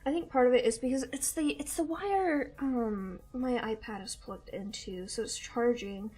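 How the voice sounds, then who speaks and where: High husky-voiced woman streamer. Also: normal speed, mellow. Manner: chatty, firmly scolding a kitten between remarks. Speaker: livestream host. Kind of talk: casual livestream chat while drawing.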